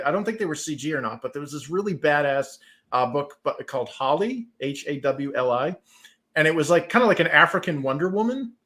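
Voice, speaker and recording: A man's voice: on the high side, a bit bright. A man, a comic book author, chatting casually as a guest and laughing often. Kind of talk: casual chat.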